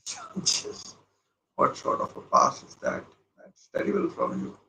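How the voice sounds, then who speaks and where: A man commentating live as a fan while watching a football match, muttering asides and breaking into excited outbursts. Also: a bass voice, unhurried, slight background noise, poor audio.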